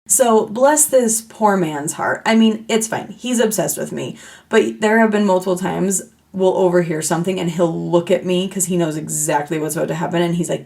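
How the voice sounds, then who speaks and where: A woman's voice: on the low side, normal speed, creaky, a little mellow. A woman hosting a casual solo podcast, talking in a chatty, playful, self-mocking way as she overshares. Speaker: podcast host.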